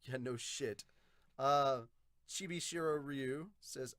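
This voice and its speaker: A man with a mid-range voice hosts an anime podcast and reads viewer comments in a relaxed, chatty way. He swears now and then and laughs easily. His voice is recorded close and dry, with no room sound. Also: medium pitch, normal speed, no room sound. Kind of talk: casual comment-reading review.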